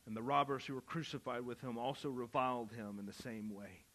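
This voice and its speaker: A man preaching a sermon, moving from quiet Bible reading to loud, impassioned calls. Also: mid-range voice, steady tone, brisk. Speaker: pastor.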